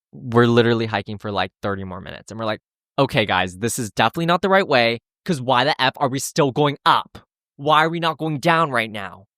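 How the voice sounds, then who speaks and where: Swearing, animated podcast host, dry close sound. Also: mid-range voice, no echo. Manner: animated, acts out quotes, swears freely. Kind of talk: casual storytelling monologue.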